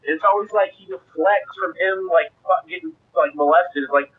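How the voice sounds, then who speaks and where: A man with a somewhat high, husky voice tells crude, rambling stories in a casual chat. The sound is thin and phone-like. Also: moderate pace, hardly any pauses.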